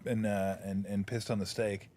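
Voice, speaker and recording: A man's voice: on the low side, little pitch movement, normal speed, dark tone, no room sound. A man hosting a sports talk show, chatting loosely and swearing freely as he jokes with his guest. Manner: loose, profane, joking. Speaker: radio show host, former player.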